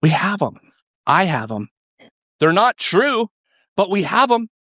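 Fairly high-voiced preaching man. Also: big pitch swings, a little slow, fairly bright tone, dry recording, clean studio sound. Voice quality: repeats and restarts words, rising pitch on emphatic lines. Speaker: pastor. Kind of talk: sermon.

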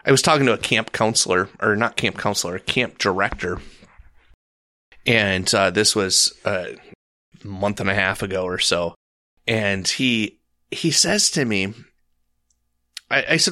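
A man talking through scripture in a relaxed conversation, with a somewhat low but bright, forceful voice. He tells his stories with animation and jumps into the voices of the people he quotes. The sound is close and dry. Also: normal speed, no room sound. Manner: animated storyteller, acts out quotes. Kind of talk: casual faith discussion.

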